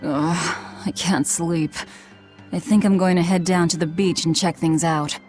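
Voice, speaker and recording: A woman's voice: on the low side, steady tone, a little slow, darkish tone, faint music behind, lightly acted. A woman voicing a blunt, grim young swordswoman in a video game, speaking tersely and dryly. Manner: terse, dry.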